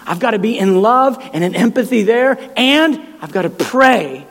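A man's voice: very high-pitched, animated, normal speed, gravelly, a bit bright, big-room sound. A man preaching a sermon in an impassioned way, often stammering and repeating words as he builds his points.

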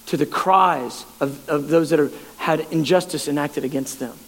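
A man voicing God as a gentle, tender speaker within a sermon, quieter and slower than his own preaching voice. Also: fairly high pitch, pitched below the performer's own voice, lightly acted.

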